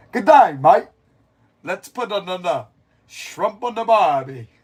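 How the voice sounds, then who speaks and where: A clownish, exaggerated mock-Australian drawl from a goofy movie character, as a man puts it on. The voice sits noticeably higher than his usual talk and comes out loud and hammy. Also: expressive, extremely slow, breathy edge, full character voice.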